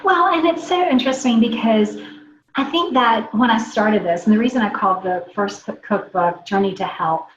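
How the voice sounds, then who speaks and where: A woman from the American South, a podcast guest telling her own story in a lively, enthusiastic way. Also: on the high side, moderate pace, echoey room, lo-fi sound, a little hiss or hum. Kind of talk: casual podcast chat.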